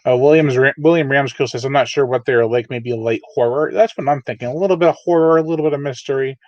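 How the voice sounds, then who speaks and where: A man hosts a live unboxing stream, talking loosely and filling pauses with "uh" and "um" as he reads chat. His voice is of middle pitch and sounds dull and lo-fi. The room around him is dry, with no echo. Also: a little mellow. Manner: casual, rambling, many fillers. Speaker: channel host. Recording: dull, lo-fi dry home mic.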